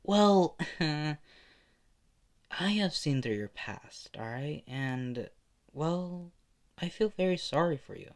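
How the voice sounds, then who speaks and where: A man voicing a childlike boy god who is cheeky and whiny, talking in a high, bratty chatter. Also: lively intonation, slow, pauses often. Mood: playful.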